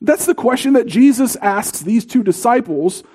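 A man in his thirties preaching a sermon as pastor, in a conversational, animated storytelling way. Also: very high voice, normal speed, husky.

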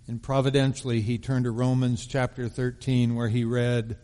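A man preaching a sermon as pastor of his congregation, telling a story in a measured way and slowing down for emphasis. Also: mid-range voice, level tone, warm tone. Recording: long reverb of a large hall.

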